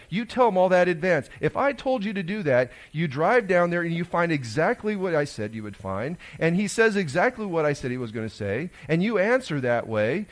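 A man, a pastor giving a conversational sermon that swings between loud emphasis and hushed asides. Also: fairly high pitch, very animated, a little fast, hardly any pauses.

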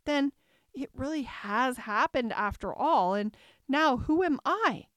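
A woman's voice: high voice, animated, takes it slowly, fairly bright tone, dry recording, clean studio sound, voice pushed up, full character voice. A woman voicing Alice, a curious young girl who chatters and wonders aloud to herself in a storybook reading. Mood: wondering.

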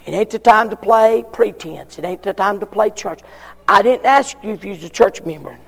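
A man preaching a sermon, emphatic, repeating his questions with long pauses. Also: high voice, vocal fry, fairly bright tone, long reverb tail. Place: church.

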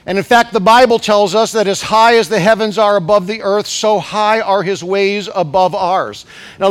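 A man preaching a sermon as bishop, acting out scripture quotes and swinging between shouted climaxes and soft asides. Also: high-pitched. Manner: acts out scripture quotes in raised voice. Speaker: pastor.

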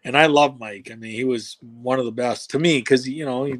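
A man's voice: medium pitch, fairly quick, a bit bright. A man telling a long, rambling story on a podcast in a casual way, acting out other people's lines with plenty of restarts and swearing. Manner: acts out quoted dialogue. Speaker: podcast guest.

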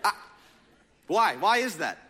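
A young man preaching a sermon in a casual, joking, animated storytelling manner. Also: sits high, slow pace, breathy edge. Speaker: pastor.

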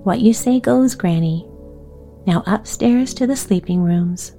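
A woman's voice: mid-range voice, measured pace, creaky, mellow, soft background music. A woman reading aloud, giving the lines of a cheerful, teasing young man. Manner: playful, cheery.

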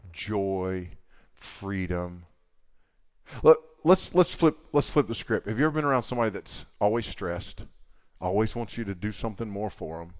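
A middle-aged man preaching at a youth camp, telling a story in an animated way, acting out the dialogue and swinging from loud to hushed. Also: lowish voice, no echo. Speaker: camp speaker.

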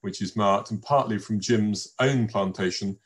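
An older man talks through a wine tasting from his home. His voice sits a little low, and he wanders through his stories with frequent fillers and restarts, in a chatty, unscripted way. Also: a little slow. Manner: rambling anecdotal storyteller with many fillers and restarts. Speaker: wine presenter. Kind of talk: informal tasting talk to an online audience. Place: home in a village.

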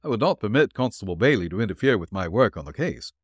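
Man doing a shrewd polite detective, calm firm delivery, low voice, dry sound. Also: quick pace, breathy edge, no room sound. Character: shrewd, courteous male detective.

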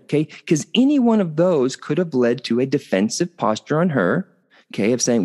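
Middle-aged male host, animated storyteller, very expressive pitch. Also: normal speed. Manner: animated, conversational, tags points with "okay?". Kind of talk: storytelling talk.

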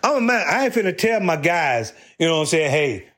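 A man's voice: sits high, lively intonation, fast talker, fairly bright tone. A man telling a rambling, profane comedy story about his old job, swearing constantly and laughing as he talks. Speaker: stand-up storyteller.

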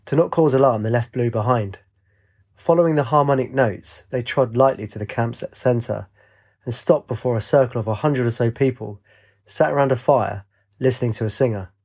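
A man reading a fantasy story aloud in a steady, descriptive storybook narration. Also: mid-range voice, normal speed, husky.

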